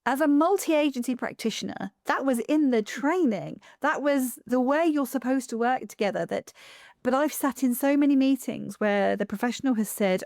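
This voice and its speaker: A woman hosting a podcast, talking in an emphatic, animated way with quick asides. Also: on the high side, dry recording, clean studio sound. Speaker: podcast host. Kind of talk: conversational podcast interview.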